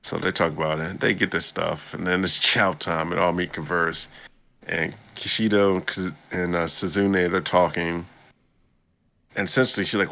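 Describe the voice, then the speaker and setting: A man with a deep, gravelly voice and a bright, forceful edge recaps the plot in loose, casual chat. He keeps breaking into quick impressions of the characters. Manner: animated storytelling, acts out characters' lines in a higher voice. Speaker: podcast co-host recapping an anime.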